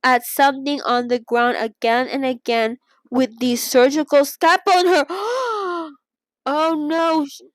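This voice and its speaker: A young woman reading a novel aloud in a casual read-along and reacting emotionally, with halting restarts and gasps. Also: high-pitched, steady tone, dry recording.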